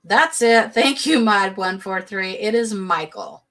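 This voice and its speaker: A woman's voice: mid-range voice, expressive, a bit bright. Sassy woman recapping reality TV. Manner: sassy, blunt, quick to laugh. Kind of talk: casual live-stream commentary.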